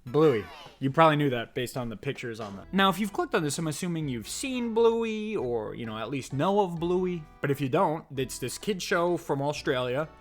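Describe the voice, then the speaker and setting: A man's voice: fairly high pitch, animated, moderate pace, faint music behind. A man in his thirties, a dad, giving a jokey, sarcastic, mock-dramatic commentary on a children's show. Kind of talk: comedic commentary vlog.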